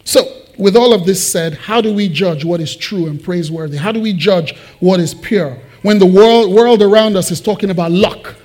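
A man preaching a sermon as pastor, asking the congregation questions and moving between loud emphasis and quiet personal confiding. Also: sits high, normal speed, few pauses.

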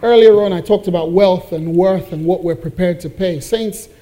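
A man's voice: sits high, normal speed, mellow. A male pastor preaching a sermon to his congregation, emphatic and building in force on key phrases.

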